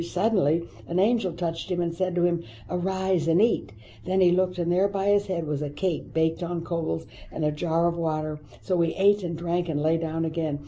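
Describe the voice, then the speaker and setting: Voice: mid-range voice, dark tone, low-quality recording. A Bible teacher reading scripture aloud and breaking off for emphatic, conversational asides.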